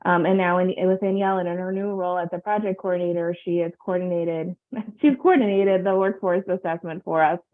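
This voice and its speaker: A woman chairing a public board meeting on a video call, speaking in a measured way with frequent fillers. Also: lowish voice, fairly even intonation. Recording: tinny phone-like line.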